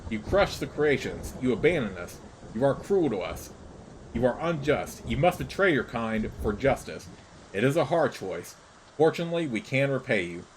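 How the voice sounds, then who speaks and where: A man's voice: mid-range voice, big pitch swings, a little hiss or hum, lightly acted, low-quality recording. A man reading out a sly, scheming creature spy. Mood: persuasive. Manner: persuasive, measured, formal.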